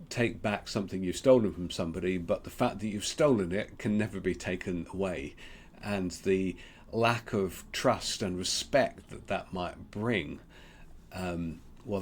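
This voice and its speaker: Man, Australian accent, deep voice, devotional reflection, gentle, hesitant ums. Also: husky. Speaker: preacher.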